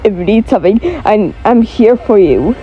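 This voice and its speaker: A woman's voice: mid-range voice, expressive, normal speed, muffled recording, faint music behind, lightly acted. A woman voicing a hot-headed, loyal kung fu rabbit hero in a homemade story. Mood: reassuring.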